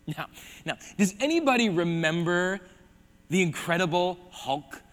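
A man preaching a sermon, retelling a Bible story with animated, jokey asides. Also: sits high, a little slow, big-room sound.

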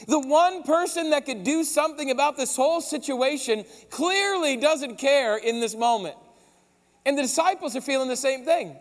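A pastor delivers a sermon with a notably high voice, retelling the story in a casual, lively way full of slang. His voice carries a long reverb tail from a large hall. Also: moderate pace.

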